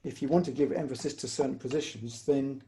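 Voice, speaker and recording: A man giving a patient, step-by-step online music lesson on the hurdy-gurdy, pausing often as he explains. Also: mid-range voice, fairly even intonation, mellow, a little hiss or hum. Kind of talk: online music workshop instruction. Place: home room, online workshop.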